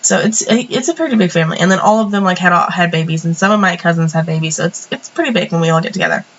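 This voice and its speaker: A woman's voice: lowish voice, fast talker, dull audio, a little hiss or hum. A young woman with a cold telling a story in a casual, rambling voice-over, full of fillers and restarts. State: sniffly from a cold. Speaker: planner vlogger.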